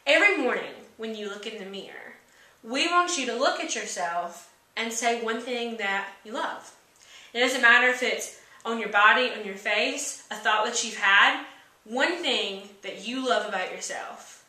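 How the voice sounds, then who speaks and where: A woman's voice: a little high, unhurried, sharp tone, roomy sound, far from the mic, low-quality recording. A young woman with a rural American country accent, co-hosting a motivational vlog in a chatty, earnest way. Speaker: co-host. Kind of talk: casual motivational vlog talk. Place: indoor room with a kitchen counter.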